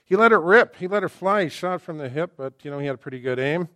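A middle-aged male pastor preaching an animated sermon, acting out quoted voices and swinging between loud and hushed delivery. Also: fairly high pitch, fast, no room sound.

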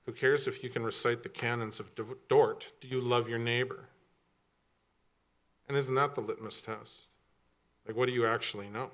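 A man's voice: medium pitch, a bit bright. A middle-aged man preaching a sermon as a pastor, conversational and jokey, sometimes acting out other people's voices.

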